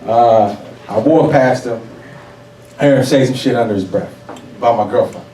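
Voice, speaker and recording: A man's voice: medium pitch, normal speed, slight background noise. Young man from New York telling a profane story live, miked from a distance in an echoey hall. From New York City. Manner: profane, animated, laughing audience reactions. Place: stage before a live audience. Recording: roomy hall, mic at a distance. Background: audience laughter.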